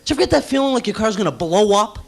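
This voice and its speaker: A young man doing a stand-up comedy routine on a small cafe stage, nervous and animated, breaking into sung bits. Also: high voice, racing, creaky.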